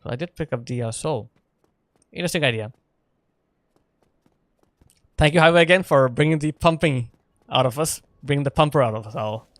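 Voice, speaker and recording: A man's voice: medium pitch, normal speed, pauses often, fairly bright tone, no room sound. A man streaming a video game in casual chat, playful and laughing often as he talks with his viewers. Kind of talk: casual live gameplay chat.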